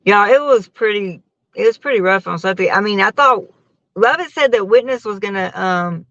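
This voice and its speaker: A worn-out woman chats loosely with her live-stream viewers, laughing between rambling stories. Her voice has a plain middle pitch, recorded dull and dry through a phone mic. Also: moderate pace, a bit bright, no echo. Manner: rambling, laughing often, talking to her chat. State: tired after a long work shift. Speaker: livestreamer chatting with viewers. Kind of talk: casual live-stream chat.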